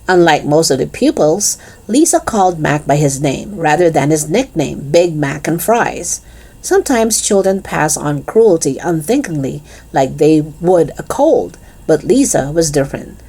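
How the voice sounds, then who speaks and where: A woman reading a children's chapter book aloud with expressive storytelling. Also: low voice, unhurried, husky.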